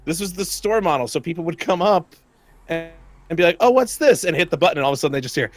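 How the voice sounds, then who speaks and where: A man's voice: a little high, racing. A man chatting casually while gaming, telling a story with lots of laughter and swearing. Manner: animated, laughing, swears freely. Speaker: gamer and co-streamer.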